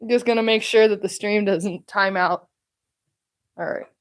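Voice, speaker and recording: A woman's voice: mid-range voice, measured pace. A woman live-streaming while drawing, chatting casually in a self-deprecating way and laughing often.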